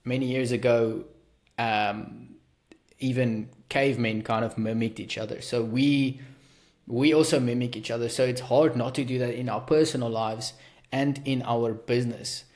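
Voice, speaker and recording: With a South African accent, the male host of a casual podcast talks at normal speed in a medium-pitched, steady, darkish voice. He drifts from point to point, jokes at his own expense, and keeps restarting.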